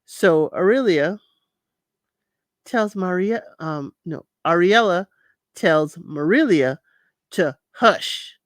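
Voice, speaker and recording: A woman's voice: fairly low pitch, animated, slow, long pauses, no echo, clean studio sound. A woman host giving a casual, colloquial recap of a reality show, scolding the people on it directly. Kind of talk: casual commentary.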